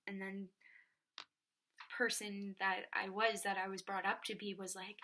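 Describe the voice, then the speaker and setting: A young woman telling a personal story in a soft, often whispery voice, with many filler words. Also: mid-range voice, little pitch movement, measured pace, pauses often. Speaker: vlogger.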